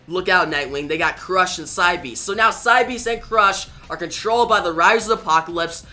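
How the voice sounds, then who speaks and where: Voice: medium pitch, sharp tone. A channel host recapping a comic book story in a casual, eager storytelling manner, reading the characters' quotes aloud as the recap goes.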